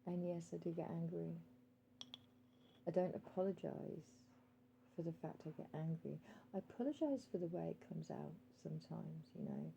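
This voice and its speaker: A woman vlogger speaking earnestly straight to one listener, calling him sir, pausing often with ums and reading out her timer as she goes. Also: on the low side, creaky, warm tone, muffled recording, slight background noise. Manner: calls out timer readings while talking. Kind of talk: direct-to-camera monologue.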